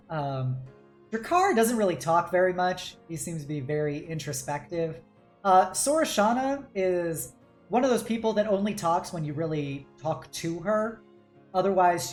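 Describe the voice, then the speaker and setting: A woman narrating as game master in a relaxed, casual way, full of fillers. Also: low-pitched, reverberant. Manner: casual, lots of fillers, laughs often.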